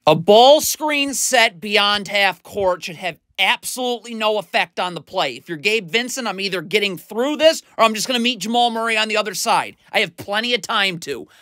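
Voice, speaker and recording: A man with a bright, forceful voice talks through game film in a scolding, exasperated tone. He is recorded close and dry, with no room sound. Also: sits high, lively intonation, normal speed, hardly any pauses, dry recording. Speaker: basketball film analyst. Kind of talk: video breakdown commentary.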